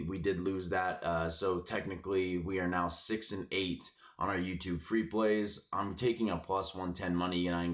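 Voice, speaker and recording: Hoarse guy with a deep voice venting about his picks, swears constantly, lots of um and uh. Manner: profane, frustrated ranting with filler words. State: hoarse from yelling. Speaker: sports betting picks host. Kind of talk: casual ranting commentary.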